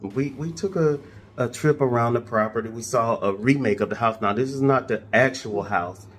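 A man, chatting casually in a travel vlog and telling a story with a relaxed, joking manner. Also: medium pitch, normal speed, slight background noise. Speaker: travel vlogger. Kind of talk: casual chat.

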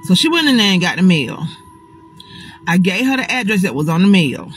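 A woman telling a personal story straight to her audience in a casual storytime monologue, animated and dramatic, swearing often. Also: fairly low pitch, a little fast, soft background music, low-quality recording.

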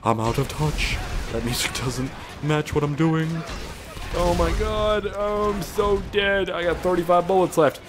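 A man giving casual, rambling gameplay commentary, excitable and swearing often. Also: sits high, unhurried. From Canada. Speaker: gaming YouTuber.

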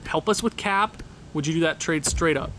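A man with a somewhat high voice gives loose, running commentary over a video game. He chats straight at the game and now and then bursts into loud laughing shouts. A faint hiss of noise sits under the recording. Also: normal speed. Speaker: gaming channel host. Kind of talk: casual gameplay commentary.

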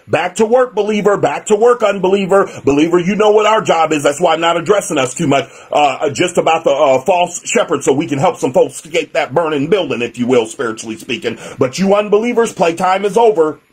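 A man's voice: sits high, husky. A man preaching a sermon as pastor, emphatic, with a repetitive preaching cadence. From United States.

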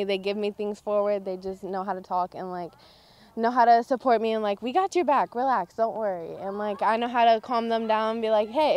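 A teenage girl in a post-game interview about her softball team. She talks with bubbly excitement and fills her answers with "like" and "honestly". Her voice sits at an ordinary pitch for a young woman. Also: smooth. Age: teens. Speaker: high school softball pitcher.

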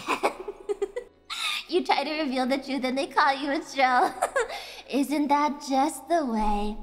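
A young woman streamer casually reacting, giggling often and swearing freely in an animated way. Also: sits high.

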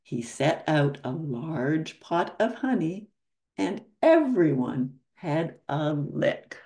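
A woman's voice: deep voice, big pitch swings, takes it slowly, mellow. An older woman reading a picture book aloud to children, stopping to ask the listener questions. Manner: asks the listener questions between pages. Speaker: storyteller.

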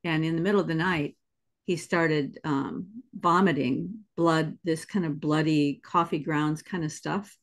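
Host, mid pitch; quiet, reflective storyteller in an interview. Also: steady tone, measured pace. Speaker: podcast host. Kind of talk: conversational interview.

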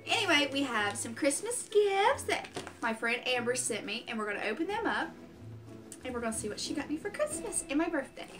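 A woman's voice: sits high, very animated, a little fast, over music. A woman chatting casually in a home vlog, gushing and exclaiming often. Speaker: vlogger.

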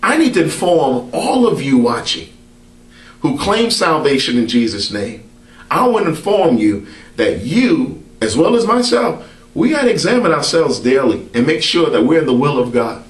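Preacher, man, slightly high voice, casual call-and-response sermon, roomy echo. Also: very animated, moderate pace, far from the mic. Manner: colloquial, conversational preaching. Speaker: apostle preaching to camera. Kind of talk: sermon to camera. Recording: roomy echo, speaker set back from the mic.

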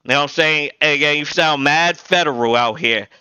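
A man's voice: a little high, moderate pace, sharp tone, clean tone, dry recording. A man hosting a reaction video, talking casually and loosely in slang, often saying "you know what I'm saying.". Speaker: reaction channel host.

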